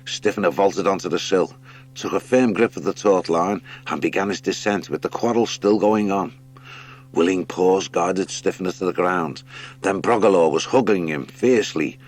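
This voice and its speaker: A man reading a children's adventure audiobook as narrator, with expressive storytelling. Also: sits low, moderate pace, faint music behind. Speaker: audiobook reader. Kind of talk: scripted narration.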